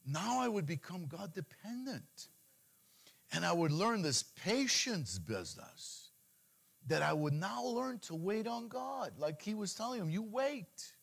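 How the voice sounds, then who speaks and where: A middle-aged man preaching with a lively, swinging voice that climbs and drops. He pitches a little higher than most men and breaks into pleading cries when he acts out a worried believer. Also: creaky. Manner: animated preaching, mimics anxious pleas in a higher voice. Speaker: pastor. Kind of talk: sermon.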